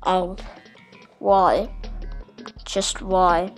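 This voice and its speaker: A woman giving live gameplay commentary, muttering to herself, then bursting into shouts at setbacks. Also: on the low side, very slow, soft background music. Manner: excitable, swings from muttering to shouted outbursts. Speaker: gaming channel host.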